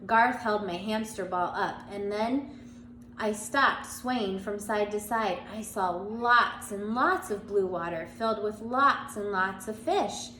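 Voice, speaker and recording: A woman's voice: mid-range voice, slow, pushed and bright. A woman reads a children's chapter book aloud and puts on the characters' voices as she goes. She stumbles and restarts now and then and sounds a bit stuffy from allergies. Her voice sits in the middle of the range, and the room around her rings with echo over a faint hum. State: allergies, occasional cough. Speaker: reader.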